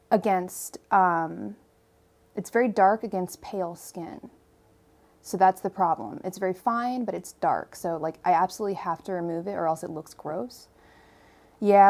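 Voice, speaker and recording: A woman's voice: a little high, dark tone. Chatty woman hosting a livestream. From Ireland. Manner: chatty, rambling, greets viewers by name. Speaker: tarot reader and livestream host. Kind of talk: casual livestream chat.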